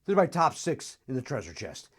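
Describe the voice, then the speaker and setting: A man's voice: mid-range voice, sing-song, husky. A middle-aged man from the Chicago area hosting a comedic monologue about old records, riffing and mocking himself. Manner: self-mocking, riffing, throws in quick silly voices. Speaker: podcast host.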